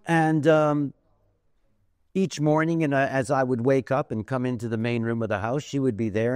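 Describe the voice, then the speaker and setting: A man's voice: medium pitch, a little mellow, no room sound, studio quality. A man giving a conversational lecture, wandering into stories with many fillers and asides. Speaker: teacher of a spiritual system. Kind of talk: lecture with storytelling.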